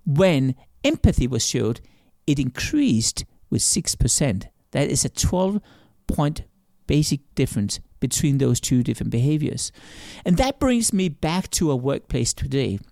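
A male author answers interview questions conversationally, using stories, examples and acted-out quotes while repeating words and restarting sentences. His medium-pitched, creaky voice swings widely in pitch and is a little mellow, moving a little slowly with hardly any pauses. The recording is dry and studio quality.

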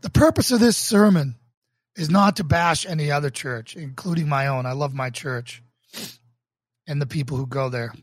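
Earnest, halting pastor from Boston, slightly high. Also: male voice, no echo, clean studio sound. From Boston, United States. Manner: earnest and emotional, halting with restarts. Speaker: pastor and show host. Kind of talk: livestreamed casual talk leading into a sermon.

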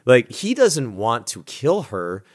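A man's voice: medium pitch, huge pitch swings, slow pace. A man co-hosting a casual film podcast, speaking in a thoughtful, reflective way. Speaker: podcast co-host.

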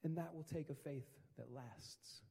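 A man's voice: a little high, measured pace, vocal fry, mellow, husky. A man preaching a sermon as a pastor, in a conversational storytelling style with casual slang. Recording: long hall reverb.

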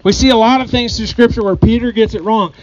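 A man's voice: extremely high pitch, fast talker, a little mellow, muffled recording, a little hiss or hum. A man preaching a sermon to his congregation, earnest, often repeating phrases and putting questions to the people. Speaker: pastor.

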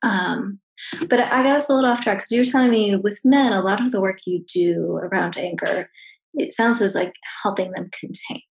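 A woman therapist in casual conversation, chatty and animated, her voice carrying a gravelly fry at a mid pitch. She swears freely and talks candidly about feelings. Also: normal speed, slight background noise, rough recording.

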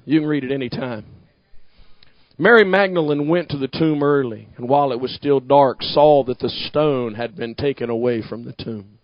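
A man preaching a sermon to a congregation, talking back and forth with them and building to shouted emphasis. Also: mid-range voice, no echo, lo-fi sound. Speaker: pastor.

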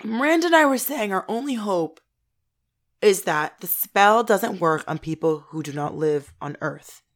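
Twenty-something woman podcast cohost, ranty and excitable, swears a lot. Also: mid-range voice, unhurried. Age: 20s. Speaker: podcast co-host. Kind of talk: casual chat.

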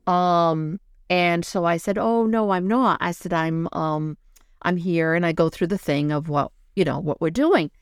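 A middle-aged woman co-hosts a casual chat, telling stories animatedly and becoming emotional. Her voice is on the low side and clean, a little slow, captured in clean studio sound with no echo.

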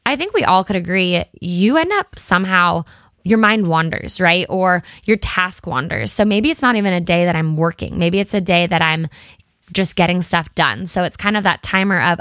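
A woman in her thirties talks to her listeners in a chatty, candid way, full of fillers and little quoted asides. Her voice sits a bit low for a woman. The recording is dry and close, with no room sound. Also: expressive, normal speed, a bit bright, dry recording. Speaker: podcast host and blogger. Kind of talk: casual solo chat.

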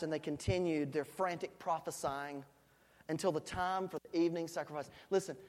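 A preacher giving a sermon with playful, joking storytelling, swinging between loud shouts and quiet asides. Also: medium pitch, in a large hall.

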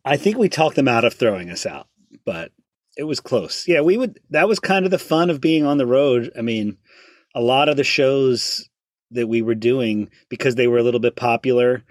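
A man's voice: mid-range voice, expressive, moderate pace, no room sound. Guy from the us being interviewed, mid voice, dry close sound, easygoing. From United States. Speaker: guest, cinematographer and director. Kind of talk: casual interview chat.

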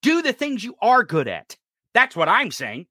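Furious podcast host, male, profane shouting rant, bright edgy voice. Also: high voice, huge pitch swings, normal speed, dry recording, studio quality. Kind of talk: political rant.

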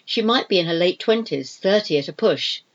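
A woman reading a novel aloud in expressive, measured scripted narration. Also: lowish voice, lo-fi sound. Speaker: audiobook narrator.

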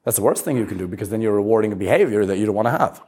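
A husky-voiced man coaching a group on relationships, his pitch swinging widely as he drives each point home. He talks bluntly and swears freely, with an emphatic, energetic delivery. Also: rapid-fire. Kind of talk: talk to a live group.

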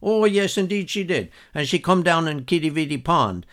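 A man's voice: fairly high pitch, lively intonation, normal speed, fairly bright tone, pitched above the performer's own voice. A man voicing an old male storyteller with a Newfoundland accent, telling a tale in folksy dialect. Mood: excited yarn.

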